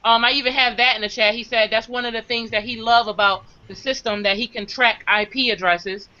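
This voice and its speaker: High bright-voiced woman telling a story. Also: fairly quick. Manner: animated, quotes others in acted voices. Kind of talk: casual storytelling. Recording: dull lo-fi sound.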